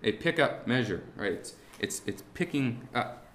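A man teaching a class on musical timing, talking haltingly with many restarts and asking the students rhetorical questions. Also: mid-range voice, big pitch swings, fairly bright tone, echoey room, a little hiss or hum. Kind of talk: classroom lesson on beat patterns. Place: warm indoor classroom.

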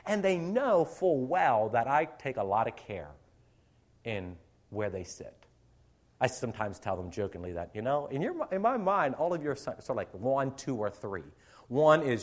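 A man's voice: medium pitch, sing-song, moderate pace. A middle-aged male teacher giving a conversational lecture to other teachers, acting out little classroom scenes as he goes.

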